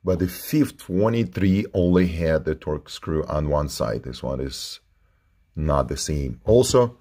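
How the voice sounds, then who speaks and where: Low-voiced man reviewing knives. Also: expressive, measured pace, dark tone. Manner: informal, repeats himself while handling the knife. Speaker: knife reviewer. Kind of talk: casual product review.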